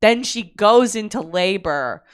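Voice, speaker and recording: A woman's voice: medium pitch, animated, unhurried, clean tone, no echo, studio quality. A woman co-hosting a comedy podcast, telling a story animatedly and laughing often, acting out quotes. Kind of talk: comic storytelling. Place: apartment.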